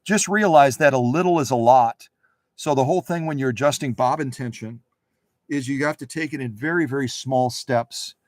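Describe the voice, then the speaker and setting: A man's voice: mid-range voice, moderate pace, no echo, studio quality. A man hosting a live sewing machine demonstration, chatting with viewers in a folksy, instructive way.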